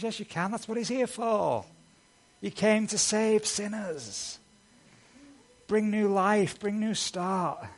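A male pastor delivering a sermon in an earnest, emphatic way. His voice sits a little higher than most men's, and he stacks up repeated phrases to drive each point home.

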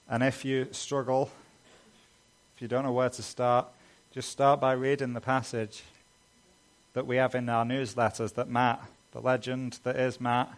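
A man preaching a sermon as a pastor, earnest and emphatic, building lists of repeated phrases. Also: mid-range voice.

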